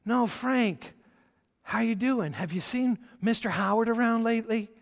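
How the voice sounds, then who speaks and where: A man voicing a drunk, staggering older man who is friendly, speaking in a high, strained voice. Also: unhurried, vocal fry, long reverb tail, exaggerated voice. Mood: insistent.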